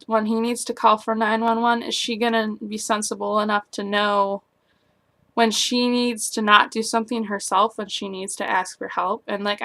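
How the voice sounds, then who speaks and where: A young adult woman talking through her worries in a personal vlog, rambling and anxious, often trailing off into quiet. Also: mid-range voice, vocal fry. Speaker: vlogger.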